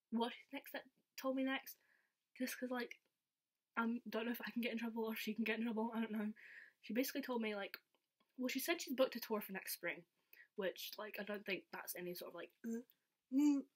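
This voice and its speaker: A young woman telling a story in a casual, excited, chatty vlog style, full of "like" fillers. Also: a little high, moderate pace, pauses often. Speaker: vlogger.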